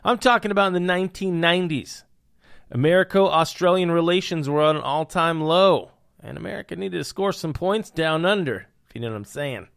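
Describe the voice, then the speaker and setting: A man's voice: fairly high pitch, a little fast, vocal fry, a bit bright, no room sound, studio quality. A young man hosting a podcast, riffing on news with puns and hyped, jokey asides. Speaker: podcast host. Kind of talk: comedic news commentary.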